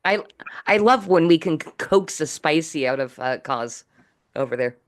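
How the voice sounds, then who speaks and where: Animated, teasing woman talk show host. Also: sits low, moderate pace. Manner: playful, teasing, laughs often. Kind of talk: casual video call chat. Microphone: video call.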